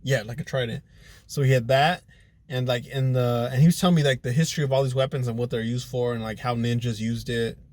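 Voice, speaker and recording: A man's voice: medium pitch, steady tone, brisk, darkish tone. A man hosting a casual podcast, trading rambling stories and cusswords. He talks in a loose, easygoing way and breaks into laughter often. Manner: loose storyteller, swears a lot, laughs easily. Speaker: podcast co-host. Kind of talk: casual chat.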